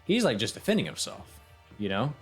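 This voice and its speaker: Young man, game streamer, casual commentary, lively swinging pitch, lowish voice, faint music behind. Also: a little fast. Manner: animated, swearing, laughing, chatting with viewers. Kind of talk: casual let's-play commentary, reading game text aloud.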